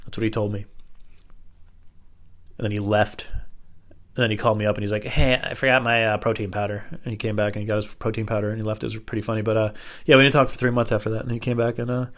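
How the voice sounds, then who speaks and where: A man's voice: lowish voice, little pitch movement, fast talker, long pauses. A man telling rambling personal stories in a casual, profane, offhand way. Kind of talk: casual storytelling monologue.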